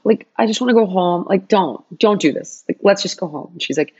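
A woman telling a personal story in an interview, animated, acting out quoted dialogue with big jumps in her voice. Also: on the low side, moderate pace, husky, highs cut off.

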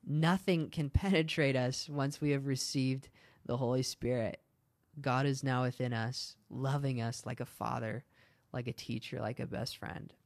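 A man's voice: medium pitch, gravelly, no room sound. A man hosting a Christian podcast, talking in an earnest, rambling way and laughing at his own tangents. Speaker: podcast host. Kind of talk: casual Christian podcast teaching.

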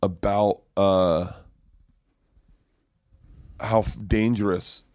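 Brief: forties male comic, animated, swearing, laughing, dry sound. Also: fairly low pitch, very slow, no room sound. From Florida. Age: 40s. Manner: animated, profane, laughing storyteller. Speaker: guest comedian. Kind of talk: casual podcast storytelling.

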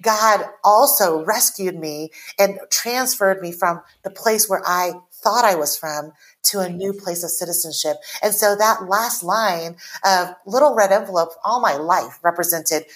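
A woman in her forties from Taiwan, an author guest on a podcast, talking earnestly and reading her own poem aloud in measured phrases. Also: mid-range voice, a bit bright. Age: 40s.

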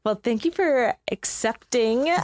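A woman hosting a casual interview chat in a bubbly, excitable manner. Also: a little high, measured pace, a little hiss or hum. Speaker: podcast host.

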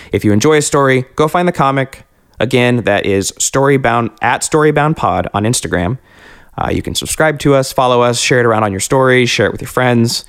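A man's voice: medium pitch, smooth. A man hosting a podcast, chatting casually in a laid-back, upbeat way with casual slang. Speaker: podcast host. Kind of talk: casual outro chat.

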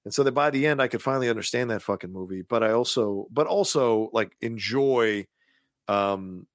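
A man co-hosting a casual movie chat, animated and profane, laughing often. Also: fairly low pitch, moderate pace, no room sound, clean studio sound.

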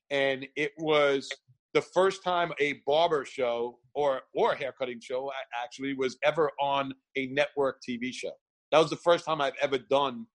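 A man telling stories in a casual chat, laughing often and acting out quotes. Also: medium pitch. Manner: animated storyteller, laughs often, acts out quotes. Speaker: guest, barber event founder.

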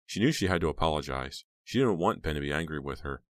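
Very deep-voiced male audiobook narrator. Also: lively intonation, quick pace, dry recording, clean studio sound. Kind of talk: scripted narration.

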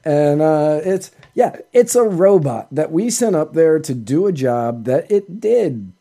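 This man's fairly high, expressive voice has a warm tone and a measured pace. He's chatting on a casual podcast, rambling through long stories and interrupting himself with asides.

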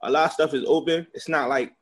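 Young man, philly accent, quick rambling talk, slightly high voice, casual interview. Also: fairly even intonation, a bit bright. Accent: Philadelphia. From Philadelphia. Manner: laid-back, filler-heavy rambling. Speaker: interview guest, music promoter.

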